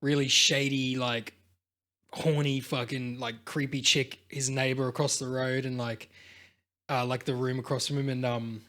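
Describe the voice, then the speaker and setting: A man's voice: medium pitch, flat delivery, moderate pace, sharp tone. A man co-hosting a podcast, telling a rambling story in casual chat and swearing freely. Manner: rambling storyteller, swears freely, acts out quotes in big voices. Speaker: podcast co-host.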